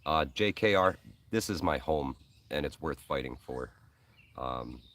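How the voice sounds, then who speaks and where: Speaking at a measured pace in an expressive, slightly bright bass voice, the host of a preparedness live stream chats with viewers. He's from the Hudson Valley in New York and rambles in a friendly way, with lots of ums and uhs and frequent "man" and "bro." His mic is at a distance.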